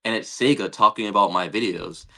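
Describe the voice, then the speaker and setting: A man guesting on a live-streamed podcast, telling a casual story in an animated way, acting out what people said and swearing freely. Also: on the low side, a little fast, vocal fry. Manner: animated, retells scenes with quoted dialogue, swears casually. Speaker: podcast guest, game creator.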